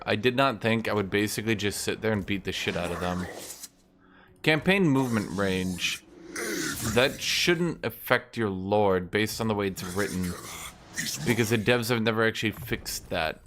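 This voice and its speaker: A man's voice: fairly low pitch, expressive, moderate pace, a bit bright, a little hiss or hum. A man hosting a gaming video, chatting casually and profanely as he thinks aloud through his moves. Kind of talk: casual gameplay commentary.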